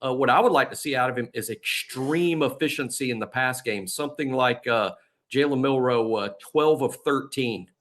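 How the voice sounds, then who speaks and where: A man's voice: mid-range voice, normal speed, a bit bright. A man co-hosting a sports podcast, telling stories and making picks in a rambling way, full of fillers and laughs. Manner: rambling, laughs often, many fillers and restarts. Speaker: podcast co-host. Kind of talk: casual sports chat.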